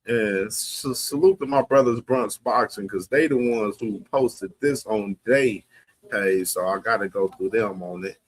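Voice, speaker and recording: A man's voice: fairly low pitch, unhurried. A man hosting a boxing livestream, talking in loose, slangy, casual commentary. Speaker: boxing stream host.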